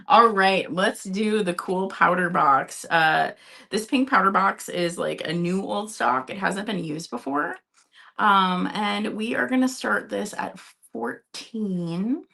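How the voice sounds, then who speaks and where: A woman's voice: on the low side, normal speed, gravelly, bright, forceful tone. A woman from Minnesota hosting a live vintage sale, chatting casually, laughing often and talking to her cat. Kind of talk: live-stream selling chat.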